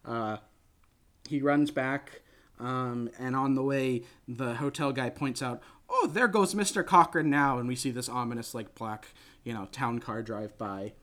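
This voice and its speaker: A man casually recapping a film on a podcast, rambling and animated, dropping into silly voices for the characters. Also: medium pitch, a little slow. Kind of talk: casual chat.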